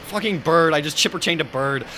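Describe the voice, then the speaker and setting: Loud, bright young man gaming. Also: a little high, a little fast, a little hiss or hum. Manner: crude, loud, laughing, swearing often. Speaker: gaming video host. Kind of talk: casual gaming banter.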